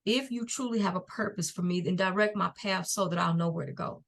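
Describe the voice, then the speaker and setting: A woman's voice: fairly low pitch, creaky. Earnest middle-aged woman telling her story. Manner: earnest, faith-filled, unhurried storytelling. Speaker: guest, nonprofit founder. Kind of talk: personal testimony in a podcast interview.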